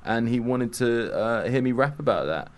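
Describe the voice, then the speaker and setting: A man's voice: mid-range voice, expressive, moderate pace. A man co-hosting a casual radio show, joking and cheeky, often laughing mid-sentence. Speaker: radio co-host.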